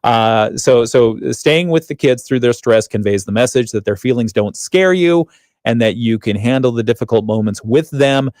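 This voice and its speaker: A man's voice: medium pitch, normal speed, a little mellow, no echo. A man hosting a radio morning show, chatting and laughing often as he reads out headlines in a studio. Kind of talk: casual radio banter. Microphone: studio microphone.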